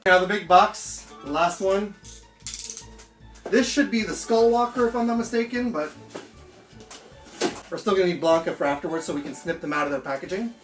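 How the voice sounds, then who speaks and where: A man chatting excitedly and swearing casually through a home unboxing vlog. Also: high-pitched, moderate pace, long pauses. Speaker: toy collector vlogger. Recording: roomy echo, faint background music.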